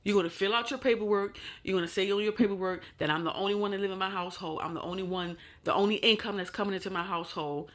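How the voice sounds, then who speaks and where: A woman host delivers blunt, scolding commentary with heavy emphasis. Her pitch sits in an ordinary middle range, and she talks close to the mic. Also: fairly even intonation, fast talker, hardly any pauses. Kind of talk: reaction commentary.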